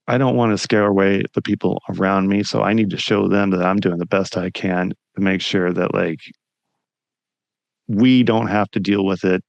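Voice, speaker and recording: A man's voice: deep voice, gravelly, no room sound. A man hosting a podcast interview, speaking in a reflective, emphatic way in casual conversation. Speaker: podcast host.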